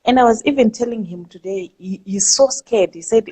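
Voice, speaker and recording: A woman calling in to a live talk show, talking hesitantly with many pauses. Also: medium pitch, mellow, slightly rough, poor audio. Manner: hesitant, halting, full of fillers. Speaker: caller. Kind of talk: live call-in.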